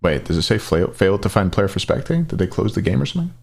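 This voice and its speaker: Man, casual esports stream host, lively up-and-down pitch, chatty and relaxed, answers chat. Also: very fast, gravelly, husky.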